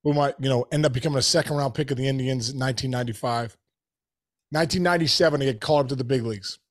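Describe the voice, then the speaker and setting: A man hosting a podcast, telling a story casually in animated bursts, full of restarts and "bro" and "dude". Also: medium pitch, racing.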